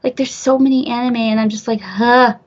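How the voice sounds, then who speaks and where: A woman's voice: on the high side, little pitch movement, quick pace, dark tone, dull audio. A woman hosting a podcast in casual chat, gushing and rambling, swearing casually. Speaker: podcast host.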